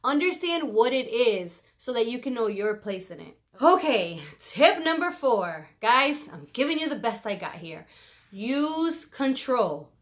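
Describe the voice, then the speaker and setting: Loud, passionate woman vlogger. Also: on the high side, moderate pace, few pauses. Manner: loud, passionate and animated, laughs often. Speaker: vlogger giving marriage advice. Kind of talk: casual advice vlog to camera.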